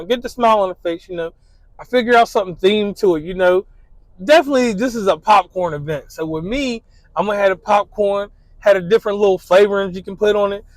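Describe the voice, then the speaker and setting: High-voiced man telling a laid-back, slangy story. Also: no echo, poor audio. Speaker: guest describing his ideal date. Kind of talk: casual spoken monologue.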